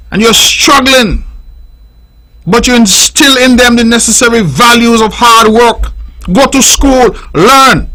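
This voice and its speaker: This middle-aged radio talk show host has a Nevisian accent and a very high, pushed, bright voice. He hosts call-in commentary on a studio microphone in an emphatic, repetitive, preaching style, though the recording quality is low.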